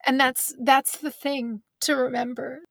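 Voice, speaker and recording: A woman's voice: high-pitched, level tone, a little slow, creaky, a bit bright, no room sound. A woman talking candidly and thoughtfully in a conversation, restarting words as she thinks, close to tears. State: teary. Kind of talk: reflective conversation.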